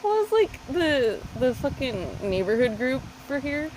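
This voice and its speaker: A woman's voice: high-pitched, big pitch swings, unhurried, a little mellow, slight background noise, poor audio. A woman co-hosting a casual podcast, talking bluntly and with exasperation, with lots of swearing. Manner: profane, blunt, exasperated ranting. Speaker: podcast co-host. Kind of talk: casual chat.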